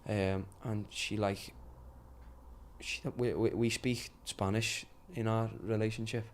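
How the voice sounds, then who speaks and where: A young man with a Liverpool accent speaks in a slightly low register. He talks earnestly and casually as a podcast guest, often breaking into laughter. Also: fairly even intonation, slow, slight background noise. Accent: Liverpool (Scouse). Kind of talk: casual conversation.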